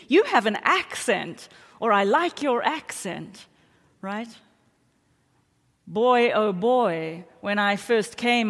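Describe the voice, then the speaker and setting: A woman's voice: on the high side, a bit bright. A middle-aged woman with a South African accent preaching a sermon in a church, telling stories in a chatty, self-deprecating way with frequent asides to the congregation. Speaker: pastor. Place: church sanctuary. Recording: long church hall reverb.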